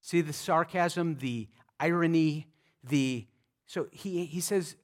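Pastor preaching, highish voice, emphatic and chatty, lots of restarts. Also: male voice, slow pace. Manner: emphatic, with frequent restarts and vivid asides. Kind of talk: sermon.

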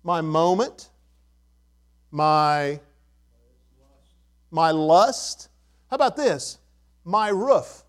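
A man's voice: on the high side, lively intonation, drawn-out words, pauses often. An older man preaching a sermon to his church, emphatic and repeating key words. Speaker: pastor.

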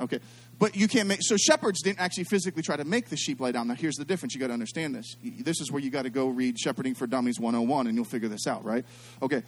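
A middle-aged man preaching a sermon as a pastor, telling stories and swinging between quiet, hushed passages and loud, excited ones. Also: medium pitch, fast, husky.

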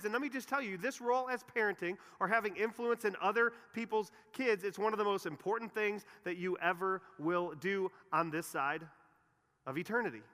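A man in his forties preaching a sermon, telling stories and swinging between loud emphasis and quiet, intimate moments. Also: high voice, brisk. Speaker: pastor. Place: church auditorium. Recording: long reverb of a church hall.

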